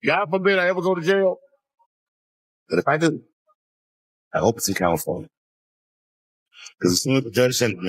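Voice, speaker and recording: A man in his fifties doing a stand-up comedy routine, telling stories in an animated, punchy way. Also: mid-range voice, a little fast, long pauses, husky. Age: 50s.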